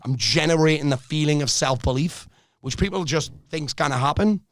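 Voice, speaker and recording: A man's voice: fairly high pitch, brisk, no echo. Blunt, swearing man, dry sound. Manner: blunt, energetic, swears freely. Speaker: life coach, podcast guest. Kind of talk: casual podcast conversation.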